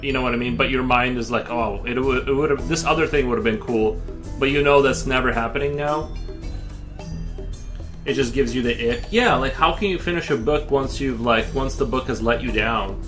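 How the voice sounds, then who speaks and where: A man's voice: medium pitch, steady tone, moderate pace, fairly bright tone, soft background music. A man chatting casually while drawing on a stream, rambling with lots of fillers and restarts.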